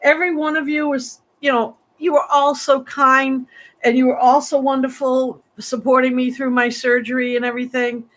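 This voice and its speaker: A woman's voice: sits high, little pitch movement, normal speed. A woman hosting a psychic livestream, talking casually and emotionally to her viewers, gushing and close to tears. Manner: warm, gushing, emotional and tearful. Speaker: psychic reader, livestream host.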